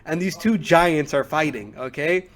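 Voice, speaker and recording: Young male podcast co-host, rambling anecdotes, acts out quotes, slightly high voice. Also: unhurried, a bit bright. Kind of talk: casual storytelling.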